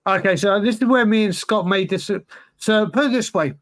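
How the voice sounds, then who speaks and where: A man's voice: sits high, normal speed. A man co-hosting a casual football podcast, rambling and emphatic with lots of restarts. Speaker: podcast co-host.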